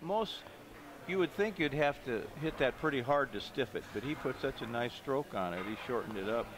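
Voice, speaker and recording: A man's voice: medium pitch, animated, normal speed. A man doing live commentary on a pool match in a pool hall, thinking aloud about each shot. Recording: noisy live venue stream.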